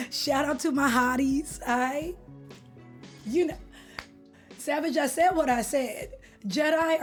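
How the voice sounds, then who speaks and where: A young woman from California chats with her live stream viewers in a bright, high voice. She talks loosely and playfully, full of slang, and greets people by name. Soft music plays quietly in the background. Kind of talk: casual chat with live viewers.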